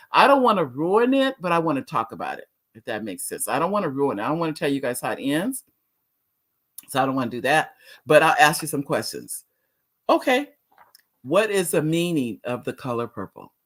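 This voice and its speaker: A middle-aged woman hosting a casual live talk show, chatting with viewers, restarting sentences and laughing often. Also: deep voice. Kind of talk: casual live-stream chat reading viewer comments.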